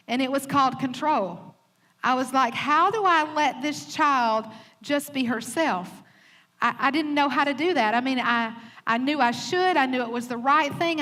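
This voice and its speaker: Southern lady preaching on mother's day, high voice, funny and honest about her kids. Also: fairly bright tone. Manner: candid and humorous, acts out quotes. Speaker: pastor's wife speaking at church. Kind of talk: Mother's Day sermon with personal stories.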